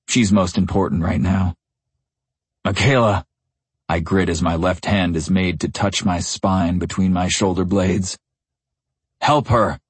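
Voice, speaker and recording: A young man reads a first-person novel with gritty intensity. His voice is very deep and husky, recorded close and dry with no room sound. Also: dry recording. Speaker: audiobook narrator.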